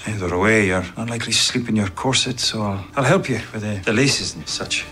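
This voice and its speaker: A tender young Scottish Highlander from a TV drama, courting in a soft, low voice with a bright, ringing edge. His Scottish accent is warm and unhurried, and a faint hiss sits behind him.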